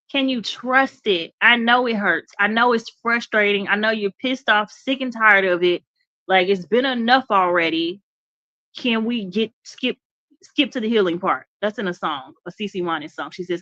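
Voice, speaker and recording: A woman's voice: a little high, normal speed, sharp tone, dry recording, dull audio. A woman hosting a live faith talk show, speaking conversationally, asking her listeners questions, reading points aloud and repeating key phrases like a preacher. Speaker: host.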